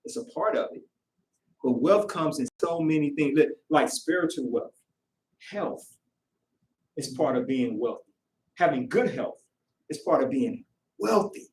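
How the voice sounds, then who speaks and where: A man preaching a sermon, animated, acting out the people he describes in quoted voices and shouting at times. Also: on the high side, measured pace, pauses often. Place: worship hall. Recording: echoey room, voice from a distance.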